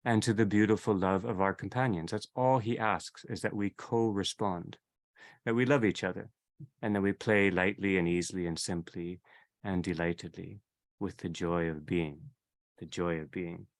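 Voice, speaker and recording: A man leading a theology seminar in a reflective, unhurried way, often repeating and rephrasing his phrases as he teaches. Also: low-pitched, fairly even intonation. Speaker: seminar leader.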